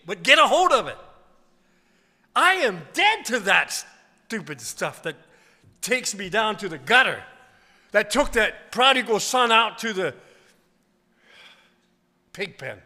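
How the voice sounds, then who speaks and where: A revival preacher with a high, sharp, forceful voice. He drops to quiet asides, then rises into loud, emphatic declarations. The sermon rings with long reverb through a church sanctuary. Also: very animated, a little slow, long pauses.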